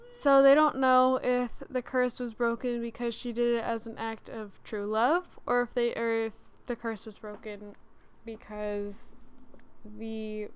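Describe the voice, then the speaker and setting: Young woman, high voice, slow easy pace, rambly scatterbrained gameplay chatter. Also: clear, resonant tone. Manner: rambling and scatterbrained, talks to herself. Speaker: let's-play gamer. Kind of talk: casual gameplay commentary.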